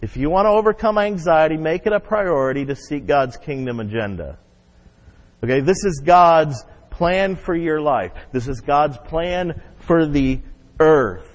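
A man preaching a sermon as pastor, emphatic, swinging between loud stress and hushed asides. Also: a little high. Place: church sanctuary. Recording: dull audio with long hall reverb.

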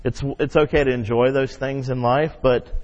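A man preaching a sermon, leading the congregation in call-and-response and rising loud on key points. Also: medium pitch, steady tone, normal speed. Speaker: pastor. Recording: muffled sound with long hall reverb.

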